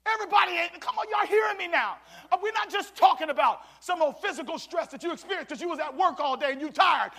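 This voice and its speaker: A pastor preaching with a very high, bright, ringing voice. He swings from loud shouted exhortations down to low, hushed asides and keeps calling out to his congregation. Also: expressive, fast talker, gravelly, hardly any pauses. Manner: preaching with call-and-response, swinging between shouts and hushed tones. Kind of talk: sermon.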